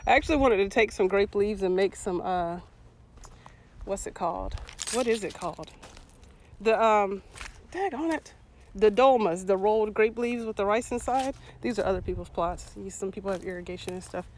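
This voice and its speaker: Over the sound of a spraying water hose, a vlogger livestreams a casual walk through a community garden on a hand-held phone. She talks at a moderate pace in a medium-pitched, slightly mellow voice. She laughs and talks with her viewers in the comments.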